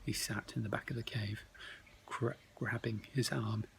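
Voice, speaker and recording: A man telling a bedtime story, slow and expressive, often dropping to hushed tones. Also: on the low side, gravelly, a little hiss or hum, low-quality recording.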